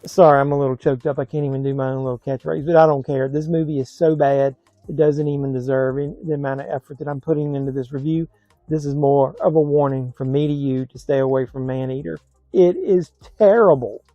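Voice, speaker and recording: A man's voice: mid-range voice, fairly even intonation, fairly quick, no room sound, dull audio. A man giving a blunt, scathing movie review in a casual vlog, sounding exasperated.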